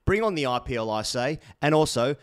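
An Australian man in mid-range pitch hosts a cricket chat and delivers deadpan, mock-furious rants. His swearing comes thick and fast. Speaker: podcast host.

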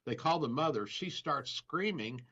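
A man's voice: a little high, lively intonation, normal speed, fairly bright tone. A man hosting a radio show as a doctor, in casual banter, rambling and telling stories with chuckles. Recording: dull lo-fi radio audio.

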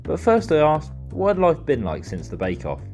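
A man's voice: fairly high pitch, huge pitch swings, moderate pace, darkish tone. A man hosting a podcast interview, asking friendly, slightly hesitant questions. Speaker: podcast host. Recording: echoey room with guitar music.

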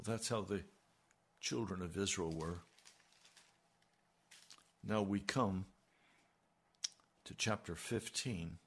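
A man preaching a sermon, slow and emphatic, his voice rising on key lines. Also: fairly low pitch. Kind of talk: radio sermon.

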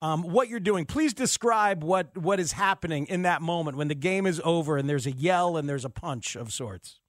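A man interviewing a ballplayer, upbeat and laughing easily. His voice sits high for a man. The sound is close and dry, with no room around it. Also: no echo. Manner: upbeat, laughing, quick questions. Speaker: interviewer, sports show host. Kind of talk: casual interview.

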